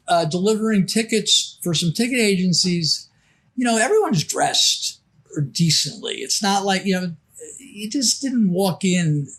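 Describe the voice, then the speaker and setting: A man's voice: high-pitched, fairly bright tone. A man in his sixties, a podcast guest, telling a long rambling story, restarting sentences and acting out the voices of the people he quotes. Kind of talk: casual storytelling.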